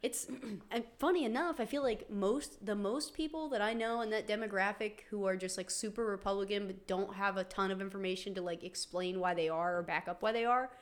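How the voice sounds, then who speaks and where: A woman's voice: medium pitch, fairly quick. A young woman from West Virginia in casual political chat, blunt and profane, ranting with heat. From West Virginia, USA.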